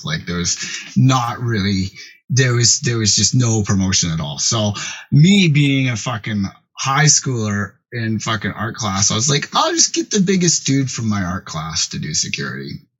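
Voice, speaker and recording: Podcast guest, man, late 30s; husky voice, loose profane rambling storyteller. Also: fairly low pitch, rough recording. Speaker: podcast guest, music producer and DJ. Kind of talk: casual storytelling chat.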